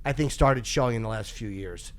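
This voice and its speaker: A man's voice: on the low side, fairly quick. A man hosting a podcast, telling rambling, self-deprecating stories in casual chat and laughing often. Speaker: podcast host.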